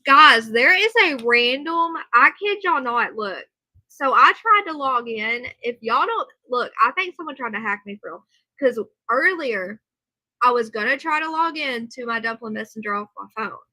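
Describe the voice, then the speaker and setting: A woman streams from her computer at home, reading a report aloud and breaking off into lively chatter with her viewers. Her voice sits a little high and sounds crisp and bright. The sound is close and dry, with no room echo. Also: normal speed. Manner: chatty, animated asides while reading. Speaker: live streamer. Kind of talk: reading a news report aloud, then casual chat with viewers. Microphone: computer mic, earbud in for monitoring.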